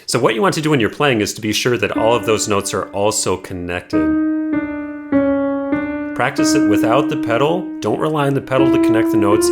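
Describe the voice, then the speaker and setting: A man teaching a piano lesson, explaining patiently and sometimes singing a melody line softly and slowly. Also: on the low side. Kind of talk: piano tutorial.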